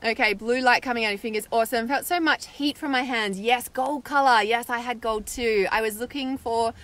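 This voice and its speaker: A woman's voice: on the high side, fairly quick, fairly bright tone. Chatty woman livestreaming. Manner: chatty, upbeat, lots of "like" and "right?". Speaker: spiritual meditation host reading live comments. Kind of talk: casual livestream chat.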